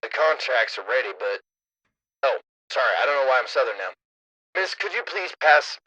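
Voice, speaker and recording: A man doing a brisk publisher on the phone. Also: mid-range voice, very animated, pushed and bright, no echo, voice pushed down, poor audio. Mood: insistent. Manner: polite, stiff, slips into a Southern drawl.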